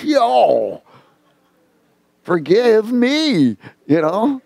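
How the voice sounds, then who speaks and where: A man's voice: sits high, wildly swooping pitch, drawn-out words, vocal fry, darkish tone, dry recording, pitched above the performer's own voice, heavily acted. A man voicing an eager, boastful male disciple who pleads his loyalty in casual slang. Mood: pleading.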